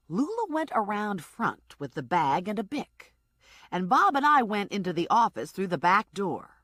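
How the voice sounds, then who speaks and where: A woman's voice: medium pitch, sing-song, moderate pace, a bit bright, dry recording. A woman narrating a comic audiobook in first person with dry, wry storytelling.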